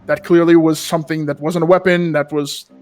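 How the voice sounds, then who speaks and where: Old marshal, tabletop RPG, male DM voicing: gruff, weary, firm, talks down to people. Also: on the high side, flat delivery, a little fast, darkish tone, faint music behind, natural voice. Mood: stern. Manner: firm, curt, patronizing.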